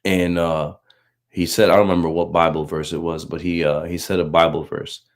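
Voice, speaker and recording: A man's voice: sits low, brisk. A man in his thirties, a Marine recruiter, casually telling a story about faith, full of fillers and acting out the voices of the people in it. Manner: animated, acts out quoted voices, many fillers.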